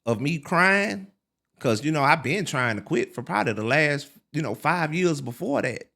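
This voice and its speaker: A middle-aged man, a podcast guest, telling his life story in a casual, animated way, full of fillers like "man" and "like". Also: moderate pace, creaky. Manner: relives quotes with sharp pitch leaps.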